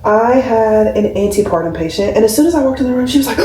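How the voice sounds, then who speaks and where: A young woman and nurse talks to her camera in a casual, rambling, heartfelt way, leaning on "like" as she goes. Her voice is mellow and soft-edged. It sounds roomy and a little distant, picked up by a camera sitting on a shelf. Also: mid-range voice, lively intonation, fast talker, slight background noise. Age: 20s. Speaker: labor and delivery nurse, vlogger. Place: home room, camera on a skincare shelf. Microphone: camera mic at a distance.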